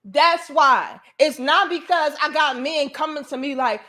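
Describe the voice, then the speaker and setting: High-voiced woman ranting on a livestream. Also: a little slow, sharp tone. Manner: emphatic, profane, preachy. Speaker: livestream host. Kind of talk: heated livestream rant.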